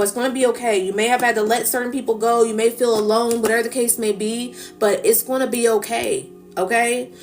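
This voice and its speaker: A woman giving a spiritual collective reading in a casual, coaxing manner, often checking in with "okay?" and "right?". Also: a little high. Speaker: tarot reader.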